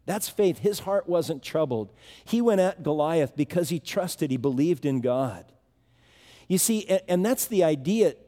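Male preacher, conversational sermon, mellow high-ish voice, long hall reverb. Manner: conversational, emphatic, restarts phrases.

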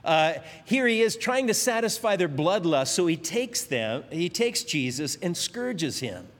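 A man's voice: high-pitched, very animated, a little slow. Man preaching in a reverberant hall. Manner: emphatic preaching with rising, stretched climaxes. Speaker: pastor. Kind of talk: sermon.

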